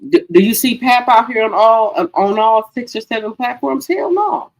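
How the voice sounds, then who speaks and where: A woman's voice: fairly high pitch, lively intonation, normal speed, rough recording. A woman hosting a casual gossip livestream, chatty and profane, talking to her viewers as girlfriends. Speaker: livestream host.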